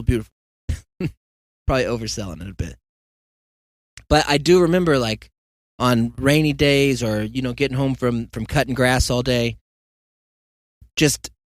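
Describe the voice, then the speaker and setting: Young male host, casual monologue, rambling and jokey, dry close sound, mid pitch. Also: dry recording. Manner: rambling storyteller, joking asides and mock quotes. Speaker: podcast host.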